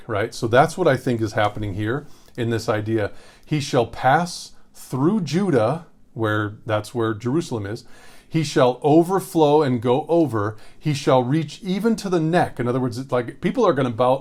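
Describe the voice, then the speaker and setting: A man's voice: medium pitch, darkish tone. Man teaching the Bible conversationally. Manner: conversational, repeats phrases for emphasis, reads scripture slowly. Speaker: pastor.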